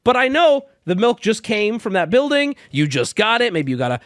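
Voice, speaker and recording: A man hosting a live stream, telling a story to his chat in a casual, exasperated, animated way with frequent restarts. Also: sits high, normal speed, dry recording, studio quality. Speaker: streamer and host.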